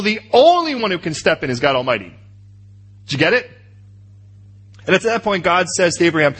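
A man preaching a sermon as a pastor, swinging between loud, high emphasis and hushed, low asides. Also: big pitch swings, fairly quick, breathy edge.

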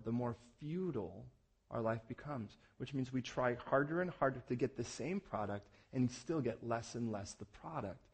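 A man in his thirties preaching a sermon, telling stories in an animated way and acting out voices, going from hushed to loud. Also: medium pitch, husky. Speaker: pastor.

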